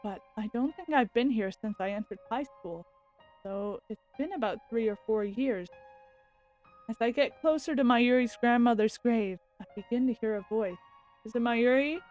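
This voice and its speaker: A woman streamer reads a visual novel aloud and breaks into excited reactions. Her voice is high and expressive. Faint background music sits under her. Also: lo-fi sound. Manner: expressive, quick to exclaim.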